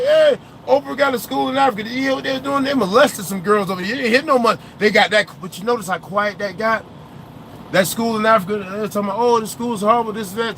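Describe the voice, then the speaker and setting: Young male trucker vlogger, live from his cab: opinionated, rambling, tense-edged delivery, slightly higher-pitched. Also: a bit bright, a little hiss or hum. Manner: rambling and opinionated, loses his train of thought. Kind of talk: casual livestream chat, answering viewer comments.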